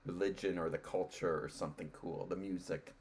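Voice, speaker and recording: Low-voiced man hosting a podcast chat. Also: fairly even intonation, a little fast, vocal fry, a little mellow. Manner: rambling, acts out quoted voices. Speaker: podcast host. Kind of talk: casual conversation.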